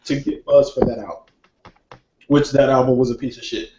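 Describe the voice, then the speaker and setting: A man's voice: medium pitch, fairly even intonation, brisk, a little mellow, a little hiss or hum. A man hosting a casual hip hop podcast, blunt and opinionated, swearing and laughing often. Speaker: podcast host. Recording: echoey lo-fi room mic.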